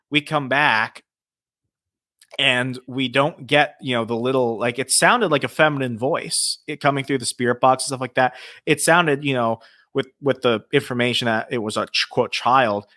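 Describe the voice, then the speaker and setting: A man with a medium-pitched voice, recorded clean in a studio with no room sound, guests on a podcast to tell ghost stories. He's casual and profane, animatedly acting out quotes from the people involved.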